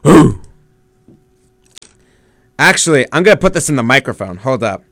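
A young man chatting casually as he watches wrestling live, excited and rambling with lots of fillers. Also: medium pitch, normal speed, vocal fry, no echo. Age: young adult. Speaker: student vlogger.

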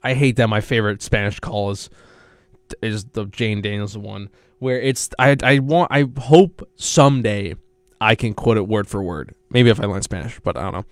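A man's voice: on the low side, normal speed, no room sound. Young male college radio sports host, rambling and self-correcting, dry close mic. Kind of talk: casual solo sports talk.

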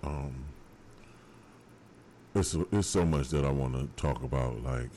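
A man's voice: rumbling low, slow pace, dark tone, a little hiss or hum. A male radio host giving a memorial tribute on air, half tearful and half laughing as he reminisces.

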